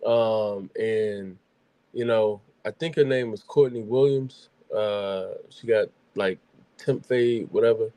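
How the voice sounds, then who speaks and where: A man co-hosting a sports stream, talking in a relaxed, rambling way and keeping his volume low. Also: slow, clear, resonant tone, no room sound. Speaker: co-host. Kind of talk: casual sports talk.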